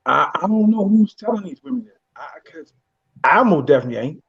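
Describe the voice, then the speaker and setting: Guest, man, husky voice, lively and swearing, tripping over words, dull lo-fi sound. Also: sits high, brisk. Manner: animated, profane, stumbles over words. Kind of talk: casual chat.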